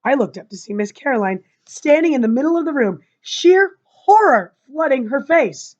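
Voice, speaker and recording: A woman's voice: sits high, sing-song, moderate pace, darkish tone. A woman reading a novel aloud expressively, adding chatty asides to her listeners. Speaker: reader. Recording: dull lo-fi recording.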